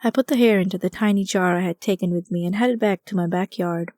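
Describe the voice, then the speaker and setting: A woman's voice: lowish voice, quick pace, mellow, no room sound, studio quality. A woman reading a first-person story aloud as an audiobook narrator, in a wry, conversational storytelling manner.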